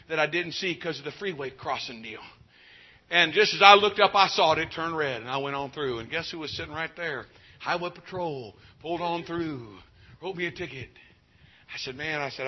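Male revival preacher, husky tone, folksy and fervent, lo-fi capture. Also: a little high. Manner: folksy storytelling building to shouted preaching. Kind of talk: revival sermon with personal story.

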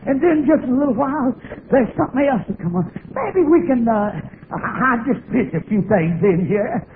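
A man preaching a revival sermon in a sobbing, shouting cadence, heard through a thin, tinny recording. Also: very high-pitched, slight background noise. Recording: tinny phone-like old recording.

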